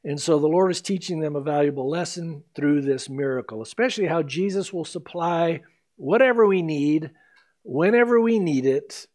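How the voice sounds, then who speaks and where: A man preaching an expository sermon as pastor, telling the story with animated energy and acting out the quoted lines. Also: a little high, normal speed. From United States.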